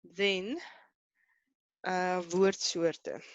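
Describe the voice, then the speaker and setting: A woman with a South African accent teaching an online class, chatty and brisk, hurrying her students along. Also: lowish voice, flat delivery, clear, resonant tone, no echo, lo-fi sound. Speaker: Afrikaans teacher.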